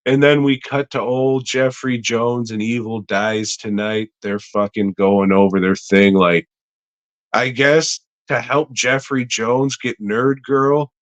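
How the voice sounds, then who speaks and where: A man on a podcast recaps a film at an unhurried, drawn-out pace. His voice sits at an ordinary middle pitch, and he swears freely and chuckles as he rambles through the story. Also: steady tone, highs cut off. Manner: profane, laughing, slow rambling retelling. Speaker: podcast co-host. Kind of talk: casual movie recap.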